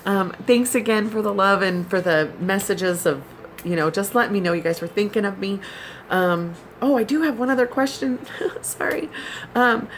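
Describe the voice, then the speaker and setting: A woman's voice: medium pitch, moderate pace, a little hiss or hum. A woman vlogger chatting casually with her viewers, giggling and laughing often as she tells her stories. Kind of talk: casual chat to subscribers.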